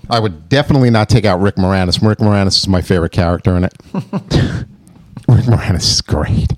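Brief: middle-aged male podcast co-host, low voice, dry close sound, animated and stumbling chatter. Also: a little fast, no room sound. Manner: animated, trips over words and restarts. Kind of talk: casual movie chat.

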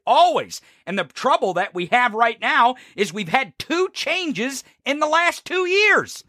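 A man's voice: very high-pitched, sharp tone, no echo, studio quality. A man hosting a political talk show, delivering a fiery, profane, combative rant. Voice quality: heavy swearing, fiery and combative.

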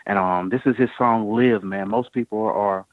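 A man's voice: lowish voice, steady tone, normal speed, dry recording, phone-quality sound. A man guest on a radio show talking about his singing in a laid-back, rambling way, full of fillers. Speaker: singer guest. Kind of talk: casual radio interview.

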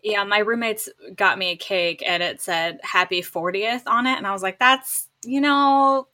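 Bright-voiced young woman, joking guest. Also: medium pitch, normal speed. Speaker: podcast guest. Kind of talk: casual chat.

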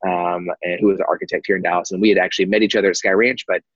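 A man's voice: sits low, little pitch movement, rapid-fire, husky, dry recording, muffled recording. A man, candidly telling his life story as a guest, rambling with lots of fillers. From Texas. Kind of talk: personal story in conversation.

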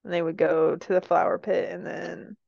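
Woman, gravelly voice, playful banter, dry close sound. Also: lowish voice, little pitch movement, moderate pace, darkish tone, no echo, muffled recording. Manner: playful, jokey, repeats words for fun. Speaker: podcast co-host. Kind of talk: casual chat.

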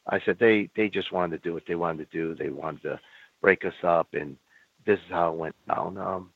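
This is an older man, once a pro wrestler, appearing as an interview guest with a low-pitched, steady voice. He tells frank stories, curses, and reenacts old arguments by quickly switching between both speakers. There's no room sound; the audio is dry and phone-like.

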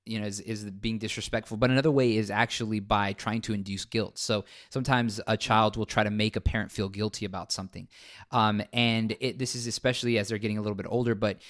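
A man in a casual chat about parenting, explaining in a measured way with fillers and restarts. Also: fairly low pitch, steady tone, fairly bright tone.

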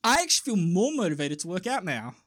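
A man's voice: sits high, quick pace, no echo, clean studio sound. A man co-hosting a casual podcast, joking and slipping into put-on voices. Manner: animated, jokey, slips into put-on voices. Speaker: podcast co-host. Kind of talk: casual chat, retelling a dream.

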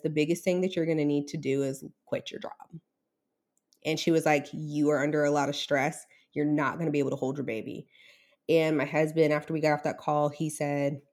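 Woman, low voice, gravelly, candid, emotional, interview guest. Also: a little mellow. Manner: candid, emotional, many fillers and restarts. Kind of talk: personal story in an interview.

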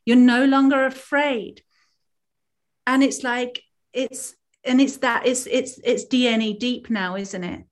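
A woman's voice: on the high side, steady tone, measured pace. A woman spiritual healer talking earnestly in a casual podcast conversation, rambling with many restarts.

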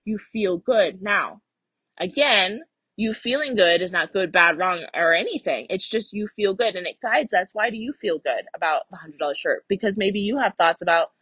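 A young woman coaching listeners on her own podcast, her pitch swinging up and down as she acts out their inner voices. Her voice is slightly husky and the sound is dry and close. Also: big pitch swings, moderate pace, a bit bright, dry recording. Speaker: life coach and podcast host. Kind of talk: solo podcast talk.

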